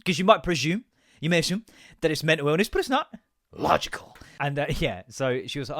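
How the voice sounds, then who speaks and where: A man's voice: a little high, big pitch swings, fairly quick, fairly bright tone, dry recording, studio quality. A man, hosting a casual podcast and rambling, swearing and mocking himself as he talks. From England. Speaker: podcast host. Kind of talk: casual solo podcast rant.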